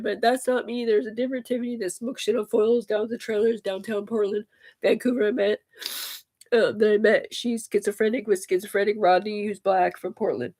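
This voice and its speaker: A woman's voice: mid-range voice, steady tone, brisk, dark tone. A woman livestreaming, telling a personal story in a rambling, profane way that often turns emotional.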